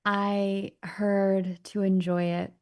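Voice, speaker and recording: A woman guest on a talk show who speaks in a grateful, reflective way, in halting phrases. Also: mid-range voice, flat delivery. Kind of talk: casual chat.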